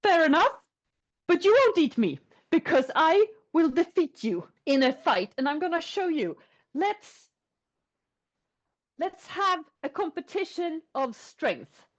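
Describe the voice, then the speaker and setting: A woman's voice: very high-pitched, big pitch swings, slow, pitched above the performer's own voice, exaggerated voice. A woman voicing a brave, boastful young farm boy who defies a troll. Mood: cocky. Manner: boastful and defiant. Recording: dull lo-fi sound.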